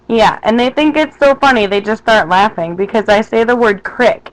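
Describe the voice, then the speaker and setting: Casual Minnesotan vlogger, mid-pitched and animated, recorded on a home webcam. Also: moderate pace, few pauses, rough recording. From west central Minnesota. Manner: chatty, animated storytelling with playful asides. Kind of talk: casual vlog chat to a webcam. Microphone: webcam microphone.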